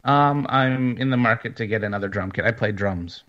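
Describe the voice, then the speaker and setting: A man chatting casually as a co-host, relaxed and hesitant with fillers. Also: on the low side, moderate pace. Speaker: co-host, paranormal investigator. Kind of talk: casual chat. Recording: dull lo-fi audio.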